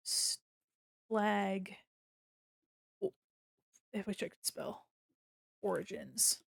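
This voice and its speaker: A woman's voice: medium pitch, drawn-out words, creaky, breathy edge. A young woman streaming as she draws, chatting casually in a playful manner, laughing often and swearing freely. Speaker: streamer and illustrator. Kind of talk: casual chat while drawing on stream.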